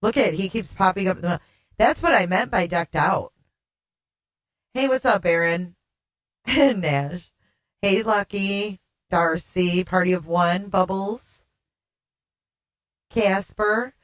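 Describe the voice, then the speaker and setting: A woman's voice: mid-range voice, slow, pauses often. A woman hosting a casual livestream, chatting and reading viewer comments aloud, her voice sounding odd, warbly and echoey. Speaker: livestream host.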